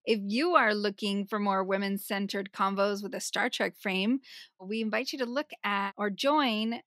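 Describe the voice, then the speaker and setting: A woman co-hosting a fan podcast, playful in chat and steady when she reads out promotions. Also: mid-range voice, normal speed, dry recording, studio quality. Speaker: podcast co-host. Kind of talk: casual chat.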